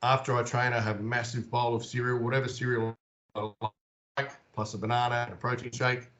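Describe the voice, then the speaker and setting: Through a muffled recording comes a medium-pitched, slightly bright voice, level in tone and a little fast. It belongs to an Australian interview guest in his forties who animatedly shares casual stories.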